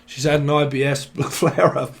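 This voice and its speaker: A man's voice: fairly high pitch, flat delivery, normal speed, vocal fry. A young man, giving a casual tarot reading in a rambling, profane way and laughing often. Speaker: tarot reader.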